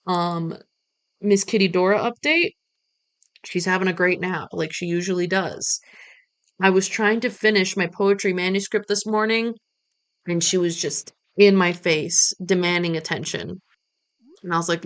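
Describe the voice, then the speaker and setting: A woman's voice: on the low side, animated, normal speed, pauses often. A woman in her thirties from the United States, chatting playfully and rambling about her day while playing a farming game on stream. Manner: playful, rambling, self-mocking. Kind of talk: casual gameplay chat.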